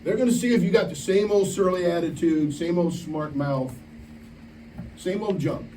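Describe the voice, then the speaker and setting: A man preaching a camp sermon, telling stories in an animated way and acting out the voices of the people in them. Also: sits high, normal speed, a little hiss or hum. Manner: animated storytelling, acts out quoted voices. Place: large room at a camp meeting. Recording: echoey room, distant mic, faint ambience.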